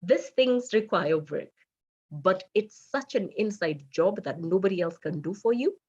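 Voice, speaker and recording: A middle-aged Kenyan woman with a Kenyan accent, a radio manager giving a lively motivational talk and slipping into Swahili phrases. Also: medium pitch, unhurried, slightly rough, lo-fi sound.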